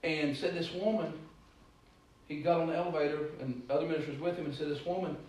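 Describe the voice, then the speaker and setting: A male preacher, heard from a distance in a very echoey room, with a slightly higher voice. He rambles through his stories and then builds into loud, urgent preaching. A faint hiss sits under the recording. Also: steady tone, brisk. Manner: storytelling, rambling, rising to loud exhortation. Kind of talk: sermon.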